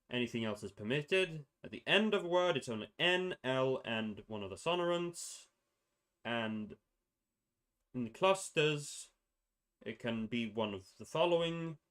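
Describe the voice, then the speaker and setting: A young man at a desk microphone walks through the rules of an invented language in a loose, rambling way. He keeps stopping to correct himself and mutter under his breath. His voice sits at an ordinary middle pitch. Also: a bit bright. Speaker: streamer presenting a constructed language. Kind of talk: casual livestream explanation.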